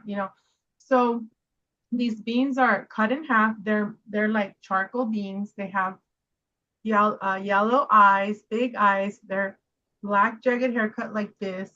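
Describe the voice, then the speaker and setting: A woman hosting a casual chat, telling a personal story in an animated way and speeding up when she quotes herself. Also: medium pitch, slow, lo-fi sound, a little hiss or hum. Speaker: host.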